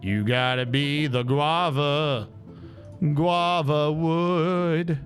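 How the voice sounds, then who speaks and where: This game streamer's high-leaning voice stretches out his words as he murmurs casual remarks to himself and hums now and then. Faint music can be heard in the background.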